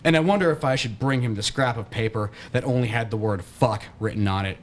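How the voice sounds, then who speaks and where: A man, an author, reading his novel aloud at a bookshop in a steady, deadpan way. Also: medium pitch, fast talker, a little hiss or hum.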